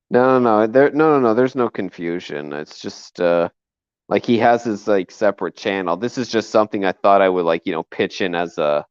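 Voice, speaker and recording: A man chatting casually on a stream, rambling, loud and joking. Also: deep voice, clean tone, no echo, dull audio.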